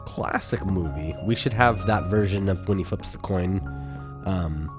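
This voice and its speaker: A man's voice: low-pitched, unhurried, over music. A man co-hosting a podcast, chatting casually and rambling with fillers. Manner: rambling, with many fillers and laughs. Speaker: podcast co-host. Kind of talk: casual chat.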